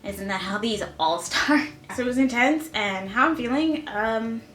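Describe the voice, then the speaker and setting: A young woman in her twenties telling a personal story to camera, shaky and close to tears, halting with many fillers. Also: a little high, a bit bright, roomy sound. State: on the verge of tears. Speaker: vlogger. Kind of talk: emotional storytime vlog. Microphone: camera mic at close range.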